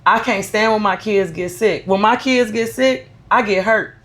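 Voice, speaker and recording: A woman's voice: mid-range voice, moderate pace, fairly bright tone. Emphatic woman telling it straight. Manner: emphatic, candid, personal storytelling. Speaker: podcast co-host. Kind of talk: casual podcast chat.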